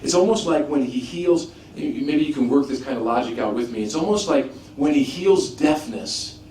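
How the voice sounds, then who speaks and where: A man preaching a teaching sermon, animated, asking rhetorical questions and often restarting his sentences. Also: mid-range voice, normal speed. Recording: echoey room, mic at a distance, faint background noise.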